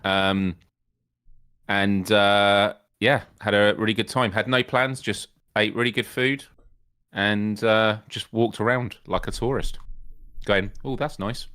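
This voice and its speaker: A man's voice: on the low side, fairly even intonation, slow pace, sharp tone, clear, resonant tone, no echo, clean studio sound. A man co-hosting a casual gaming podcast, bantering dryly and playfully. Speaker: co-host.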